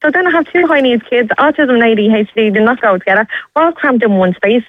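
A woman calls in to a radio show, her high voice squeezed through a tinny, dry phone line. She is young and emotional, filling her talk with "like". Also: expressive, quick pace, dry recording. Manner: emotional, repeats "like". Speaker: caller.

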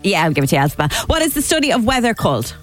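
Woman, radio co-host, mid-pitched, chatty quiz-show banter over a faint music bed. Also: very animated. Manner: chatty, teasing, quick asides. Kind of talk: breakfast radio chat and quiz.

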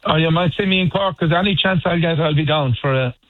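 A man chats on the radio with a slightly high voice, telling stories in halting, restarting bursts. The sound is thin and phone-like. It is dry, with no room around him. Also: no room sound. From Ireland. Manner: chatty storyteller, halting restarts. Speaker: band member guest. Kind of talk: casual radio interview. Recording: tinny phone line.

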